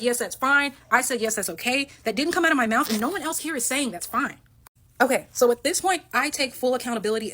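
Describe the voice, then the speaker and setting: A woman talks through her side of a falling-out for a storytime vlog, reading message screenshots aloud one by one. She speaks quickly in a slightly high voice. Her tone is emphatic and defensive as she stresses each point. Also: sharp tone. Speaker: content creator telling her side of a story.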